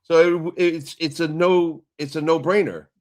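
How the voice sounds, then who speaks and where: Man, casual recap talk, steady plot explainer, mid pitch. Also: unhurried. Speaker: podcast co-host.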